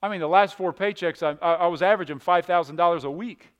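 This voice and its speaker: Preaching fast in a high, smooth voice, this male pastor alternates booming emphasis with quiet stretches and repeats words frequently. The recording has its highs cut off.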